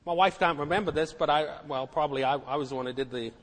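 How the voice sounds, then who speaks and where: Middle-aged male preacher, high voice, emphatic, repeats himself; hall echo. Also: quick pace, fairly bright tone. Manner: emphatic, repeats words, asks the congregation questions. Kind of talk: sermon. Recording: echoey hall.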